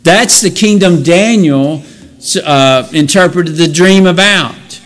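A man's voice: a little high, slow, a bit bright. A man teaching a Bible lesson in an explanatory way, asking rhetorical questions and correcting himself as he goes. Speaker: preacher.

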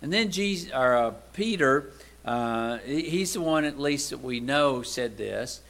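Bright-voiced man preaching a conversational sermon. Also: animated, measured pace. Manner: conversational, asks the listeners rhetorical questions; swings between loud emphatic lines and quiet low asides.

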